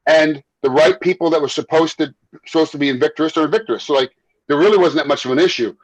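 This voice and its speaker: A man with a husky voice talks through life as a fight referee and former fighter in a casual interview. He is animated, doubles back on his words and breaks into laughter. The sound is dry and close to the mic. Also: fairly high pitch, quick pace, dry recording, poor audio. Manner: animated, repeats and restarts words, laughs while telling stories.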